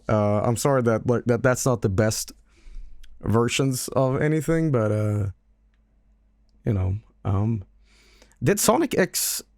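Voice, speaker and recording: A man's voice: mid-range voice, darkish tone, no echo, studio quality. A man streaming casual chat, rambling and stammering with lots of swearing and laughing.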